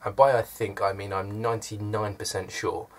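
A man's voice: fairly low pitch, level tone, moderate pace. A man, chatting to camera from his room with dry, self-deprecating humour. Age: early 20s. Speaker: vlogger. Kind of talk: casual chat to camera.

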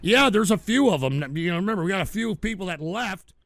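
A man's voice: high voice, expressive, a little fast, fairly bright tone, no echo. A man hosting a live stream, reading out donations and ranting angrily with lots of swearing. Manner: angry, profane ranting. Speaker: livestream host.

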